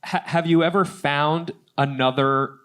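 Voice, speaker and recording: A man's voice: a little high, fairly even intonation, a little slow, fairly bright tone, clean tone. A man hosting a live talk show, interviewing his guests in an upbeat, easy way. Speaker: host. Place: TV studio with a live audience.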